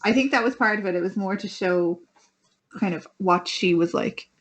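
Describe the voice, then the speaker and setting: A woman on a casual film review podcast, speaking in a relaxed, matter-of-fact way. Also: mid-range voice, normal speed.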